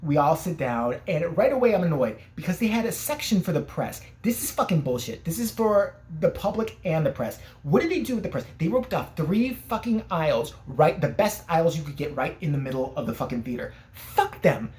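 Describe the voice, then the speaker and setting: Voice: mid-range voice, sing-song, brisk, few pauses, a little mellow. A vlogger ranting and telling a story casually, sarcastic and full of profanity.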